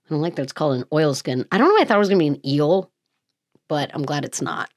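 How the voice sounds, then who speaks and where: A woman podcast host reading a mystery script aloud and breaking off into jokey, animated asides full of quick self-interruptions. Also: deep voice, no room sound, clean studio sound.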